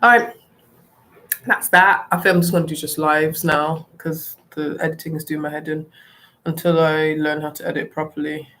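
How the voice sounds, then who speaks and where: A woman's voice: deep voice, fairly even intonation, normal speed, a bit bright. A young woman ranting bluntly and with animation, delivering solo wrestling commentary. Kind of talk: opinionated solo rant.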